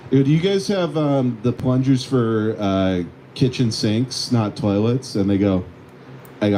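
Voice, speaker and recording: A man's voice: mid-range voice, a little slow, a little hiss or hum. A man co-hosting a casual comedic chat, telling stories with lots of acted-out quotes. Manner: animated storytelling, acts out quoted voices. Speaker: podcast co-host.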